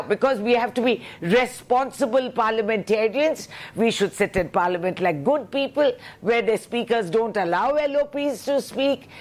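A woman member of parliament, speaking with indignation and rhetorical questions in a heated news interview. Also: fairly high pitch.

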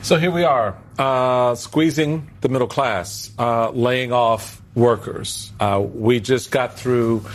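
A man hosting a political talk show, speaking in a measured way with many fillers. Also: medium pitch.

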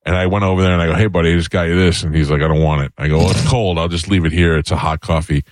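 A man's voice: low-pitched, fairly even intonation, very fast, no echo. A man hosting a radio talk show, telling blunt stories in casual chat. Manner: blunt, storytelling.

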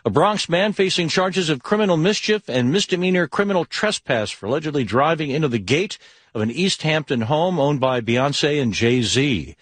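A man's voice: a little high, animated, normal speed, fairly bright tone, no room sound. Male radio news anchor. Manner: crisp read news copy. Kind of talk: radio newscast. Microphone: studio mic.

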